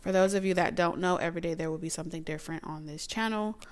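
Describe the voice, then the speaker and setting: A young adult woman giving a casual tarot reading as a psychic medium, chatty and emotive, with soft asides. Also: fairly low pitch, quick pace, a little hiss or hum.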